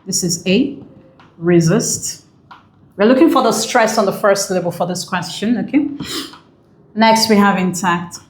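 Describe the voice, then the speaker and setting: A woman's voice: mid-range voice, measured pace, long pauses, roomy sound. A woman teaching English for an exam, enthusiastic and repeating key phrases while asking the viewer questions. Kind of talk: exam prep lesson.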